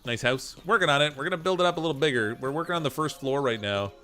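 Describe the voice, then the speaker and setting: A man's voice: a little high, fast. Chuckling man with a slight Canadian accent. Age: 40s. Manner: relaxed, chuckling, filler-heavy. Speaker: game streamer. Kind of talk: casual gameplay stream chat.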